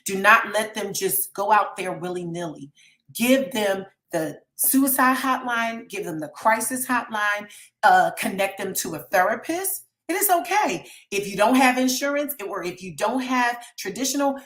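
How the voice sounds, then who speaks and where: A woman's voice: mid-range voice, animated, unhurried, fairly bright tone, reverberant. A woman counselor, talking earnestly to viewers on a live stream and pleading with them to get help. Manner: earnest and pleading, reads out names from chat.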